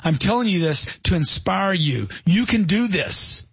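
A man's voice: high voice, lively intonation, unhurried, gravelly, fairly bright tone, breathy edge, dry recording. A middle-aged man giving motivational narration as a self-help author, emphatic and punchy, firing off rhetorical questions.

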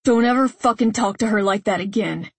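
A woman's voice: medium pitch, a little fast, husky, no echo. A woman voicing an angry, protective young man who gives hard, clipped orders. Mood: cold commanding.

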